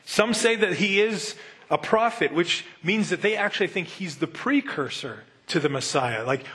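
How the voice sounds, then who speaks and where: A man's voice: sits high, expressive, moderate pace, a bit bright. A man teaching a sermon in a conversational way, reading scripture and acting out quotes in little character voices. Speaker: pastor.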